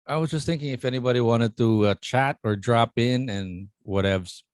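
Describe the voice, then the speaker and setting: A man's voice: medium pitch, normal speed, clear, resonant tone, no room sound, clean studio sound. A man co-hosting a casual podcast, chatting and teasing his co-host. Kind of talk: casual chat.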